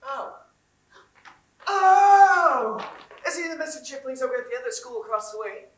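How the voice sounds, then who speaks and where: A woman's voice: high voice, very fast, a bit bright. A woman acting a pompous, bossy schoolboy class president on stage, with a theatrical, wordy manner. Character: pompous fussy schoolboy student body president. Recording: echoey hall from far off, faint noise.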